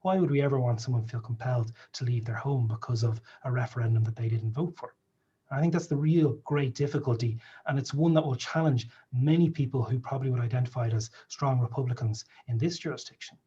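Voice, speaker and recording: A man's voice: medium pitch, mellow, breathy edge, dull audio. A middle-aged Irish man, a politician answering audience questions in a panel discussion, talking earnestly with restarts and asides. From Ireland. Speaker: politician presenting a policy paper.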